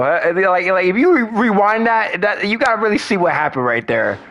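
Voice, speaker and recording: Brief: young male streamer, high-pitched and excitable, swears and yells through live play. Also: brisk. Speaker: gaming streamer. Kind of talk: live gameplay commentary.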